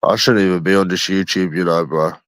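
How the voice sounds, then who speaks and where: Casting: young London man, lowish voice, dry close sound, blunt and profane livestream chatter. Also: steady tone, brisk, a bit bright, dry recording. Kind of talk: casual livestream chat.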